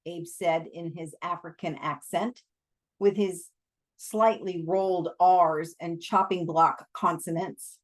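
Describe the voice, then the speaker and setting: A woman reading a novel aloud for an online audience, with relaxed, chatty asides. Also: fairly low pitch, measured pace. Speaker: storybook reader.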